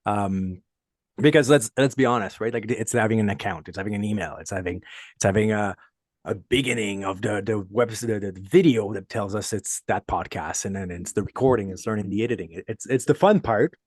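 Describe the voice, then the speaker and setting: Podcast co-host, man with a French accent; lowish, halting delivery, very dry close recording. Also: a little mellow, dry recording. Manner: halting, many restarts and fillers. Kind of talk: casual chat.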